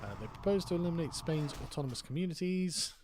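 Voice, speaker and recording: A man's voice: fairly high pitch, fast, noisy background. A man, streaming and chatting casually, reading text aloud and riffing on it with sardonic mock outrage. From Britain. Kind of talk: casual chat while gaming and reading aloud.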